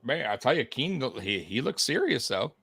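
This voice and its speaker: A man's voice: mid-range voice, sing-song, normal speed, gravelly, fairly bright tone, slightly rough, dry recording. A man co-hosting a podcast, giving casual live fight commentary in a chatty, rambling way, often repeating himself and laughing. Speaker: podcast co-host.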